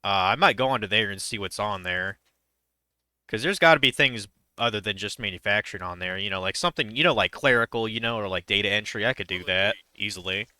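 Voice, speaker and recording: Bright, crisp young man rambling. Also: lowish voice, fast, no room sound, studio quality. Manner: rambling and hesitant, many fillers. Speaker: streamer. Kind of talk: casual chat while gaming.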